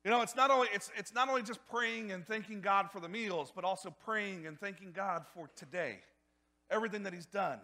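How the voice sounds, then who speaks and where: A male pastor preaching a sermon in a church, energetic and repetitive, often building to loud emphasis. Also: sits high, a little fast.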